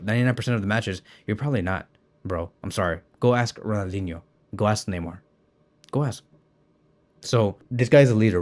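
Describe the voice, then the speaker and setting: An impassioned man with a lowish voice argues his football case straight into a close mic. He pushes hard, circles back on his own words and hammers each point again. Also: a little mellow. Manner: impassioned, emphatic, repeats words. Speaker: football commentator. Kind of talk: passionate opinion monologue.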